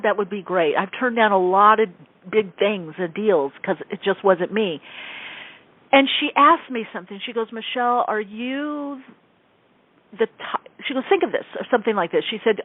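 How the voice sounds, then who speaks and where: A woman radio host and psychic medium, telling a spiritual story in casual talk and acting out quoted dialogue with animated shifts. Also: medium pitch, no room sound. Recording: tinny phone-like radio broadcast, dry.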